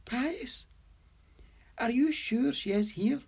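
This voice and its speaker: A woman's voice: fairly high pitch, takes it slowly, gravelly, darkish tone, husky, pitched above the performer's own voice, heavily acted. A woman voicing a teasing, mocking female demon with cloven hooves in an audio story. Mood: incredulous.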